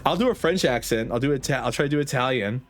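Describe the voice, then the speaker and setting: A man's voice: mid-range voice, fast, soft background music. A man streaming a game, chatting in a rambling, playful way with many restarts. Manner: rambling, self-correcting, playful. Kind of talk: casual gameplay commentary.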